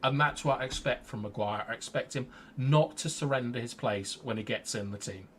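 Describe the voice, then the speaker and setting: A man's voice: mid-range voice, fairly quick, a bit bright, a little hiss or hum. A man co-hosting a casual fan show, giving strong opinions in a rambling way. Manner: opinionated, rambling, restarts sentences. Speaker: fan channel co-host.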